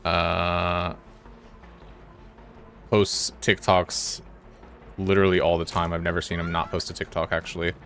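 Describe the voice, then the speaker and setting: A man's voice: deep voice, monotone, a little slow, pauses often, a bit bright, slight background noise. A young man streaming a game, chatting casually with his viewers in a laid-back, rambling way. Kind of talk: casual live-stream chat while gaming.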